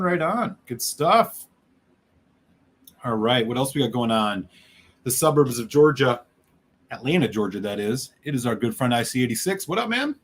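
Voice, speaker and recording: This is a middle-aged man from the Chicago area hosting a live stream, with a voice pitched in the ordinary middle range. He talks upbeat and friendly while he reads the chat and welcomes each viewer by name. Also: breathy edge. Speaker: host.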